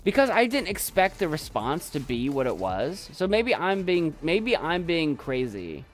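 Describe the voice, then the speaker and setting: Lively, self-doubting young male streamer. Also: on the high side, a little slow, soft background music. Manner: rambling, self-doubting, repeats himself. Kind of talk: casual live-stream chat. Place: home desk setup.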